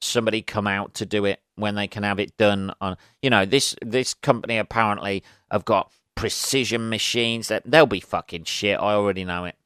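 A man's voice: on the low side, steady tone, moderate pace, hardly any pauses, fairly bright tone, clear, resonant tone, no echo, studio quality. A man hosting a casual solo podcast, ranting with lots of swearing and exasperation. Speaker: podcast host.

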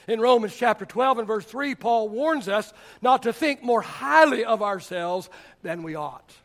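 A man's voice: very high-pitched, moderate pace. A man preaching a sermon as pastor, telling stories and acting out the people he quotes. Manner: animated storytelling preacher, acts out quotes.

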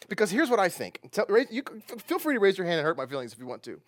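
A man's voice: high voice, big pitch swings, racing, no echo, clean studio sound. A man preaching a sermon, talking conversationally, asking the audience questions and often laughing. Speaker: pastor.

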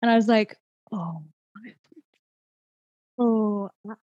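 A woman's voice: medium pitch, moderate pace, no echo, dull audio. Chatty young American woman, dry sound. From United States. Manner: chatty, lots of "like" and restarts, laughs easily. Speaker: podcast guest, musical theatre performer. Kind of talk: casual chat.

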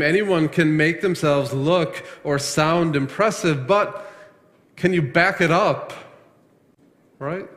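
A man's voice: fairly high pitch, takes it slowly, fairly bright tone, big-room sound. A man preaching a sermon as a pastor, emphatic and full of rhetorical questions, often restarting his phrases.

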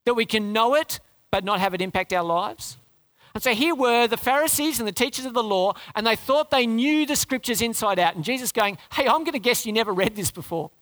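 A woman's voice: fairly high pitch, lively intonation, fairly quick, a bit bright. A woman preaching a sermon in an earnest, conversational way, asking rhetorical questions and repeating phrases for emphasis.

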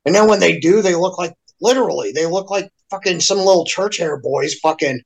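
A man's voice: high voice, brisk, creaky, rough recording. A man in a casual podcast chat, ranting heatedly with constant swearing and mocking impressions of other people. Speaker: podcast guest. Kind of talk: profane casual rant.

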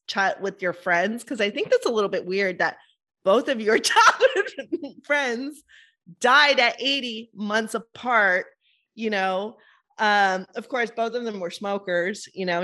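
A woman hosting a podcast, telling stories in an animated, casual way with frequent fillers and laughter. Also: medium pitch. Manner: animated storyteller, laughs often, many fillers. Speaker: podcast host. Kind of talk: casual chat.

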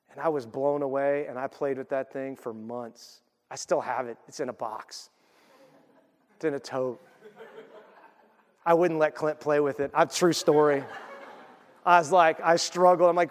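A man preaching a sermon, telling a personal story and swinging from loud excitement to hushed emotion. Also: medium pitch, measured pace, pauses often, long reverb tail. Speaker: pastor.

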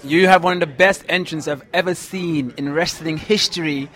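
A man's voice: a little high, fairly even intonation, moderate pace, a bit bright. A man hosting a wrestling chat show and interviewing a guest, eager and rambling with lots of fillers.

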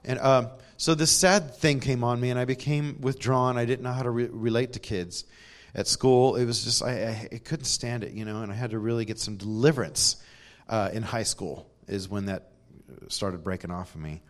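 A man's voice: medium pitch, normal speed. A man giving a conversational sermon in a church, telling stories with self-deprecating humor and laughs. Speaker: preacher.

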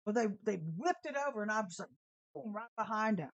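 A woman's voice: medium pitch, expressive, brisk, vocal fry, no echo, muffled recording. A woman preaching an informal sermon full of storytelling, talking in a brash, sassy and emphatic way.

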